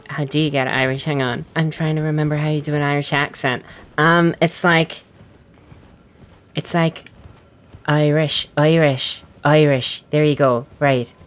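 A woman hosting a casual gameplay video, rambling and self-deprecating, with frequent giggles. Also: low voice. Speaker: gaming video host.

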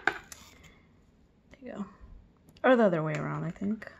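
A woman vlogging an unboxing, gushing with excitement and often dropping into breathy whispered exclamations. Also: on the low side, normal speed, dull audio, noisy background. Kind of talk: unboxing video.

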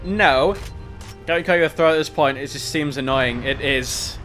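A man streaming a video game, exasperated, swearing and yelling at enemies. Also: on the high side, a little slow, soft background music. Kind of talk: gaming commentary.

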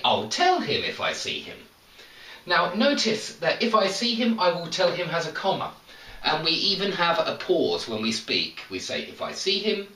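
A man teaching an English grammar lesson, explaining slowly and stressing each example sentence. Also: a little high, sharp tone. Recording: echoey room, mic at a distance.

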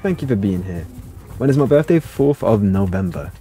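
A man's voice: on the low side, very animated, normal speed, mellow. A young man chatting playfully through a gaming livestream and answering his viewers' chat aloud. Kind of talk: casual livestream commentary.

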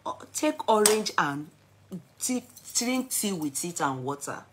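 A middle-aged woman with a Nigerian accent tells a personal story to camera in a vlog, dramatic and animated, switching between English, pidgin and Yoruba. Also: on the low side, takes it slowly, background noise. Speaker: vlogger.

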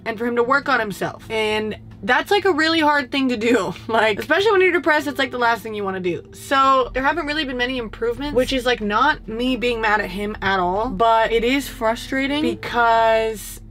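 A young woman in her early twenties talks to the camera, rambling and frustrated as she thinks out loud. Her voice sits a little high, and her speech is full of filler words. The tone is casual and confessional. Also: lively intonation, fairly quick, few pauses. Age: 20s. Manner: many filler likes. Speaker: vlogger. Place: indoors at home, doing makeup.

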